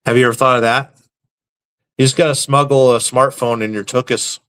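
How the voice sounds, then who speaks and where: A man hosting a live stream, reading viewer comments aloud and answering them with deadpan, crude, mock-serious jokes. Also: medium pitch, fairly quick. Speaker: livestream host reading chat. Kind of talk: casual live-stream banter.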